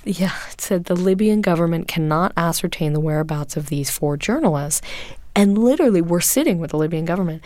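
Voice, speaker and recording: Interview guest, woman in her forties: low-pitched, earnest, measured delivery, dry studio sound. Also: darkish tone, no room sound. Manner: earnest, measured storytelling with frequent fillers. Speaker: guest, photojournalist. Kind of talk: recounting experiences in an interview.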